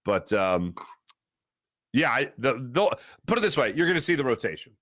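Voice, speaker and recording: A middle-aged man hosting a live sports talk show, answering chat in a rambling, animated way. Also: moderate pace, no room sound, studio quality. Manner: animated, rambling, swings between low asides and loud bursts.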